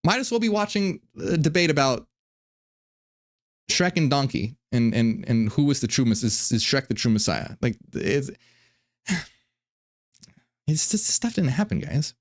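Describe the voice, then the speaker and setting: A man hosting a casual reaction commentary, talking in an animated, profane way and often restarting his sentences. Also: mid-range voice, a little slow, pauses often. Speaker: commentary host.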